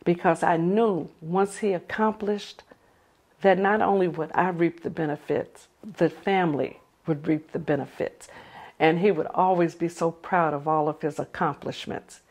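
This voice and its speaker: An older woman telling a personal story with lively energy, acting out the conversations she recounts. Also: lowish voice, a little slow. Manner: animated, acts out the dialogue in her story.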